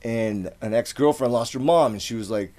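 A man's voice: mid-range voice, moderate pace, warm tone. Candid, foul-mouthed male podcast host. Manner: profane, candid. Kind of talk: casual chat.

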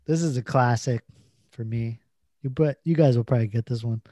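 A man's voice: mid-range voice, brisk, dark tone, no room sound. A man co-hosting a casual podcast, reading out quotes and laughing often. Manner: reads lyric quotes aloud, laughs often. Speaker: podcast co-host running a quiz game. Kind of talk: casual chat.

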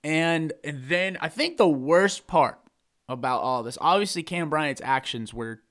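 A young man co-hosting a casual sports podcast, talking in an animated, rambling way with jokes and swearing. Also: fairly high pitch, unhurried. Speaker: podcast co-host.

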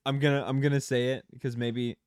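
A young man hosting a podcast, telling stories in a lively, casual way and laughing easily. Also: mid-range voice, fast, smooth, dry recording, clean studio sound. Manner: animated storyteller, laughs easily. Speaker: podcast host. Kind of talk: casual chat.

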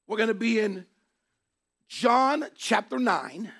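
A male preacher with a very high, gravelly and husky voice delivers a sermon. He speaks emphatically, repeating key phrases and rising to shouts. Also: animated, slow pace.

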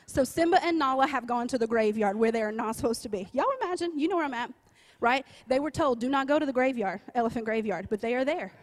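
A woman with a high voice delivers a lively sermon. She tells a story in a conversational way, often asking "right?", then rises into emphatic, repeated declarations. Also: quick pace. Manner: rising, emphatic preaching. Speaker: preacher.

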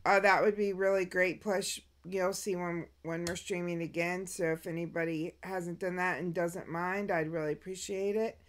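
A woman's voice: lowish voice, steady tone, normal speed, hardly any pauses, a little hiss or hum. Woman with a Southern US accent. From American South. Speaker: podcast co-host. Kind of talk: casual chat.

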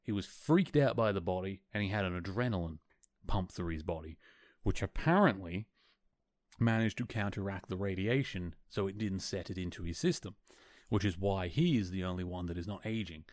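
A man's voice: low voice, moderate pace, darkish tone, no room sound. A man hosting a podcast, casually retelling a TV episode and slipping into quoted lines from the characters. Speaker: podcast host.

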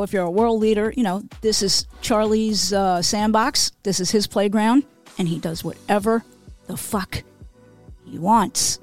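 A woman's voice: mid-range voice, a little mellow. Woman on a podcast spinning old work stories, cusses a lot, keeps asking "okay?". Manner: swears freely, laughs, lots of "okay?" and "you know". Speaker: podcast co-host. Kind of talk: casual storytelling.

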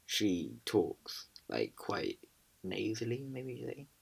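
A man's voice: on the low side, sing-song, slow, gravelly. A young man co-hosting a podcast in casual chat, telling rambling, slangy stories. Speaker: podcast co-host.

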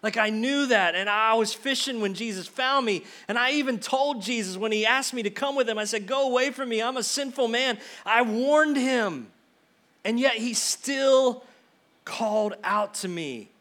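A guilt-ridden disciple muttering to himself in quick, self-mocking bursts, as a preacher acts him out in a sermon. The voice sits high for a man. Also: sharp tone. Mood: ashamed. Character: anxious, ashamed adult male disciple.

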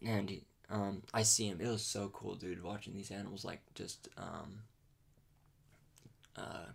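A man telling a hunting story in a casual chat, animated and laughing, full of "dude" and "like". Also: low voice, unhurried, gravelly, slightly rough. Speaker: podcast host.

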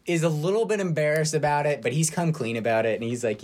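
A man's voice: on the high side, fast, darkish tone. A young man co-hosting a podcast, casually telling a story and swearing freely. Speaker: podcast co-host. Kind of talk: casual chat.

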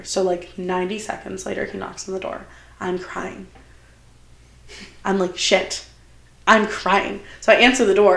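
A woman's voice: medium pitch, creaky. Chatty young woman in a roomy space. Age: young adult. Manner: animated, chatty, many fillers and quoted asides. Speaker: podcast guest. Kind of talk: casual storytelling chat. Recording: roomy echo.

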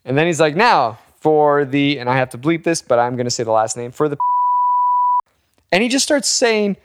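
A young man co-hosting a casual podcast, telling an animated story with laughs and casual swearing. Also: medium pitch, fast talker. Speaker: podcast co-host.

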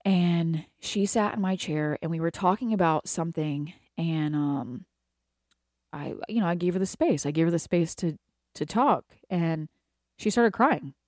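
A woman in her thirties talks on her own about her work as a hairstylist, blunt and profane, laughing as she goes. Her voice sits a little low and sounds close and dry, with no room around it. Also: unhurried, a little mellow, no echo. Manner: profane, candid, laughs often. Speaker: hairstylist and salon owner. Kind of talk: casual monologue.

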